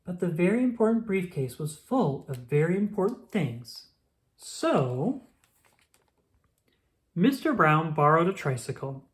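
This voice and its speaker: Low, lively woman reading a kids' story. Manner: expressive, slow and deliberate. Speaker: children's book reader. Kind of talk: storybook read-aloud.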